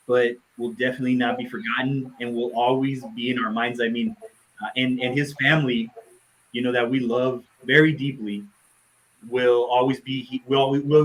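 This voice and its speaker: A man speaking heartfelt words in memory of a friend during a live online session, pausing often and restarting his sentences. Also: mid-range voice, a bit bright, rough recording. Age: adult, parent of a nine-year-old. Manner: heartfelt, halting with many restarts and fillers. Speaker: tribute speaker.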